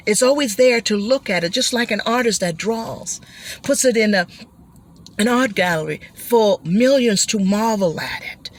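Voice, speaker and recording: A woman giving a motivational talk, animated and expressive, acting out gasps and shouts as she makes her points. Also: medium pitch, moderate pace, slight background noise. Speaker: motivational speaker.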